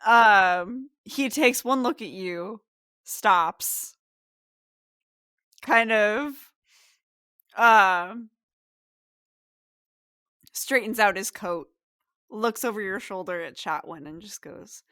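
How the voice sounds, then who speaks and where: A woman game master narrating a tabletop game in a relaxed, unhurried way with frequent fillers. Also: medium pitch, dry recording, clean studio sound.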